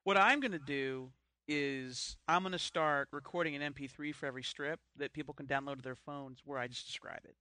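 A man co-hosting a podcast in casual comedic chat, playful and quick to do goofy impressions. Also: fairly high pitch, bright, forceful tone, no room sound. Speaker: podcast co-host.

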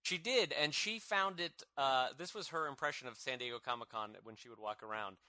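A man's voice: mid-range voice, a little fast, pushed and bright, no room sound. A middle-aged man co-hosting a podcast, rambling and jokey, often stopping to correct himself mid-sentence. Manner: rambling, self-interrupting, jokey. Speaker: podcast co-host. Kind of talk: casual podcast chat.

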